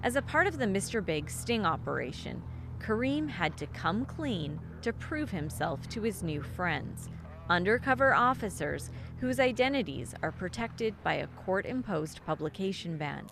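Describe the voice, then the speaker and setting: A woman giving scripted documentary narration in a steady, even delivery. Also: mid-range voice, normal speed, noisy background. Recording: narration over background music.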